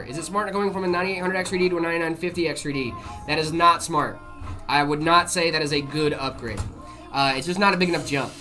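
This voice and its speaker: A relaxed livestream host chatting with viewers about PC builds, drifting through fillers as the questions are read aloud. The voice sits mid-range, and faint music plays underneath. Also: medium pitch. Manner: laid-back, filler-heavy, reads chat aloud. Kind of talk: casual live chat answering viewer questions.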